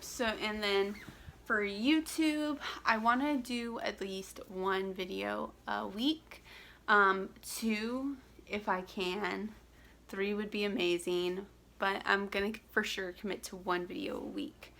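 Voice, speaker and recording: A woman's voice: mid-range voice, slow pace, gravelly, bright, forceful tone. A young woman from Central Florida chatting casually to her camera, rambling with lots of fillers and restarts. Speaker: vlogger. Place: home in Florida.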